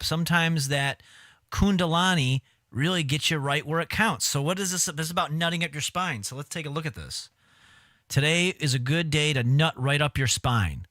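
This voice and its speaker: Bright, animated joking male streamer. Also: a little high, no room sound, clean studio sound. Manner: joking, crude, laughing asides. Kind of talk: casual live-stream commentary.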